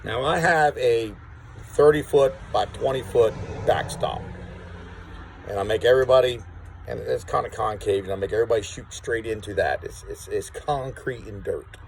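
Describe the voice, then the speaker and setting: A man's voice: mid-range voice, normal speed, vocal fry, a little hiss or hum, low-quality recording. A man telling a rambling story to camera outdoors, repeating words and acting out what others said. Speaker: vlogger. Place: outdoors on rural property.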